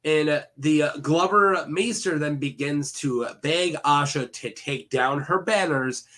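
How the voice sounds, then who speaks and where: A man's voice: fairly high pitch, measured pace, bright, forceful tone. A man casually retelling fantasy lore for a video, rambling with many fillers and self-corrections and throwing in jokey asides to the viewer.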